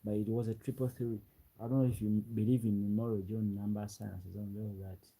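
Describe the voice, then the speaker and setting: A man's voice: on the low side, flat delivery, fast talker, gravelly, dark tone, slightly rough, rough recording. A man from Uganda with a Ugandan English accent, chatting casually on a late-night live stream and reading out viewer comments. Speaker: livestreamer. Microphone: ring light setup, webcam.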